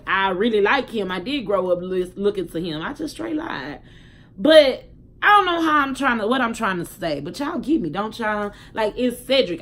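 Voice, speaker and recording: A woman's voice: medium pitch, fairly bright tone. A young woman telling a casual story to her viewers, chatty and candid. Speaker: vlogger.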